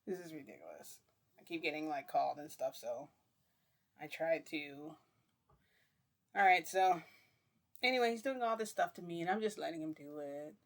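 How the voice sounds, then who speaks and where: A woman's voice: deep voice, animated, moderate pace, gravelly, pauses often. A young woman vlogger telling viewers a story in casual, rambling talk, full of "like" fillers.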